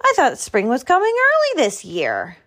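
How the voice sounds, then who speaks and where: A woman voicing a fussy, sleepy little male squirrel with a high, complaining voice. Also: expressive, measured pace. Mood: indignant.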